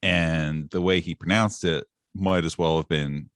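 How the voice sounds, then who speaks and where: A man's voice: low voice, fairly even intonation, a little slow, no echo, studio quality. A man co-hosting a podcast, chatting casually as a jokey storyteller who laughs often. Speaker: podcast co-host.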